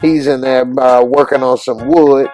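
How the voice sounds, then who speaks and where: A man's voice: medium pitch, fairly even intonation, unhurried, darkish tone, soft background music, rough recording. A man hosting a casual episode recap, retelling scenes in loose, slangy talk. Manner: loose, slangy retelling that acts out characters' lines. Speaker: TV show recap reviewer.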